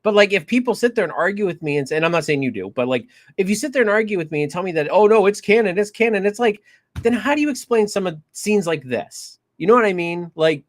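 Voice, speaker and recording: A man hosting a casual review chat, talking excitably with stumbling restarts. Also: sits high, quick pace. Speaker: show host.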